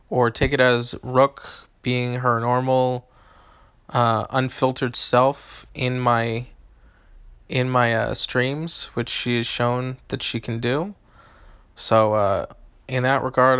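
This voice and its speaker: A young man chats with his live-stream audience between rounds of a game. He talks in a relaxed, halting way, full of ums and small restarts. His voice sits at an everyday middle pitch and sounds close and dry, with no room around it. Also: clear, resonant tone, no room sound. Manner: hesitant, many ums and restarts. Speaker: game streamer answering chat. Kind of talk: casual live-stream chat.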